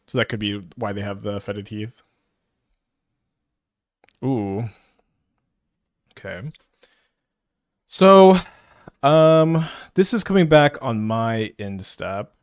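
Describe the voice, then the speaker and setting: A man's voice: on the low side, big pitch swings, slow, pauses often, no room sound, studio quality. A man giving casual live commentary while playing a card game, stuttering and restarting often as he thinks aloud. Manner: stutters, many restarts and fillers.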